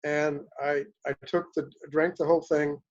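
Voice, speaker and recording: A man's voice: a little high, level tone, normal speed, lo-fi sound. A man on a group call, casually telling a rambling testimonial from a hotel room. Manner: rambling and anecdotal, with restarts. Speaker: caller sharing a product testimonial. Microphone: online group call.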